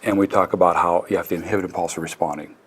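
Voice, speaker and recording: Fast-talking deep-voiced man explaining. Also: husky. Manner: animated storyteller, acts out classroom dialogue. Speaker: guest expert on self-regulation. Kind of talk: conversational explanation.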